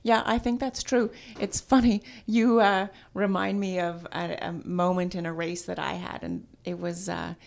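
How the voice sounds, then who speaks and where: A woman telling a personal story as a podcast guest, with a touch of vocal fry in her voice. She talks in an animated, self-deprecating way, laughing at her own mishaps. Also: on the low side, moderate pace, few pauses. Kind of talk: storytelling in casual conversation.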